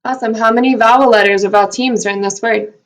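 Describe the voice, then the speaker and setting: A woman first grade teacher giving a recorded phonics lesson, speaking slowly and clearly in an upbeat, encouraging way while sounding out letters and syllables. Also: fairly high pitch, steady tone.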